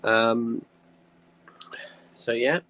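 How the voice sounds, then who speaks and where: A man's voice: mid-range voice, steady tone, extremely slow, a bit bright, low-quality recording. A man hosting a casual craft live stream, chatting in a rambling way and reading viewer comments aloud.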